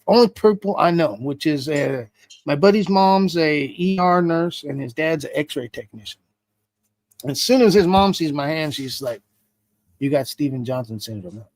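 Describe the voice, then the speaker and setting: A man's voice: a little high, no echo. A man being interviewed, telling a story casually with heavy swearing. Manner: profane, animated retelling with heavy swearing. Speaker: interview guest.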